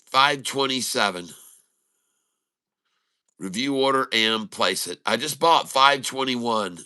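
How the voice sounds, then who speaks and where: A man giving excited running commentary on his live day trades, calling out prices and talking to viewers as folks. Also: mid-range voice, takes it slowly, smooth. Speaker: day-trading streamer.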